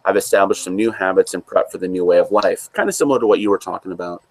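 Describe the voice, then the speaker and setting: A man with a very low, deep voice talks through a casual chat. He co-hosts in an easygoing, rambling manner. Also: fairly even intonation, racing. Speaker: co-host.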